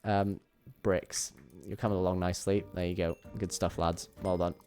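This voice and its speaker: A man's voice: sits low, level tone, moderate pace, warm tone, soft background music. A young man streaming a game from his bedroom, chatting playfully and rambling to his viewers. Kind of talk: casual chat while gaming. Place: home bedroom.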